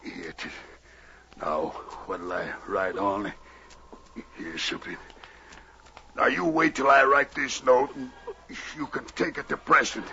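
An actor playing a big, gruff backwoods trapper with a bellowing folksy drawl, in an old radio drama. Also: male voice, on the low side, fairly even intonation, measured pace, pauses often, bright, forceful tone. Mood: coaxing. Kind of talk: 1950s radio drama acting. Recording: dull lo-fi old radio broadcast, faint hiss.

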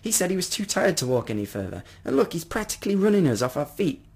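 A man voicing a stern, suspicious mother who speaks in brisk, commanding bursts. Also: fairly high pitch, very animated, a little mellow, breathy edge, voice pushed up, full character voice.

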